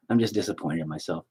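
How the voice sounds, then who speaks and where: A man with a low, slightly rough voice vlogs about his own art, rambling along in a sarcastic, self-mocking way and swearing often. It's a casual, self-deprecating artist vlog.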